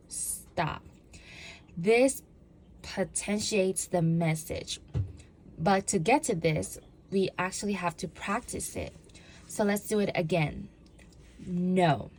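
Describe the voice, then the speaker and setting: Her voice low and darkish, a woman who used to be in law enforcement speaks publicly about body language. She acts out examples and guides the audience through drills, and there's a little hiss or hum audible.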